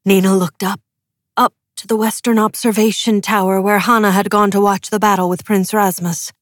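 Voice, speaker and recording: A woman's voice: medium pitch, level tone, moderate pace, no room sound, studio quality. A woman narrating an audiobook with emotive, dramatic delivery. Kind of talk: scripted narration.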